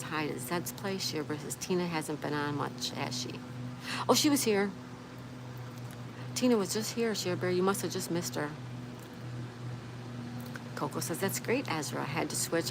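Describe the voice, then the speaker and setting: This livestream host has a low-pitched, creaky voice. She casually reads comments from viewers out loud and chats back, while steady background noise and traffic passing by fill the recording.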